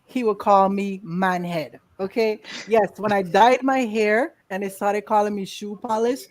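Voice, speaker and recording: A woman guest in a casual interview, telling a lively story, acting out quotes and laughing often. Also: mid-range voice. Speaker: podcast guest.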